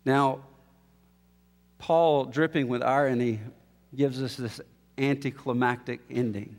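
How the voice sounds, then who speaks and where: A man preaching an expository sermon, building to emphatic peaks and then dropping low and quiet. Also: fairly even intonation, takes it slowly. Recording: long reverb of a large hall.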